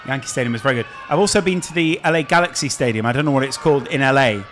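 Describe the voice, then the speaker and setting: A man with a Scouse accent hosts a live stream in a loose, chatty way, reading viewers' questions and answering them off the cuff. His voice sits at an ordinary middle pitch. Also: very fast, fairly bright tone, slight background noise. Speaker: streamer host. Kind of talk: casual live-stream chat.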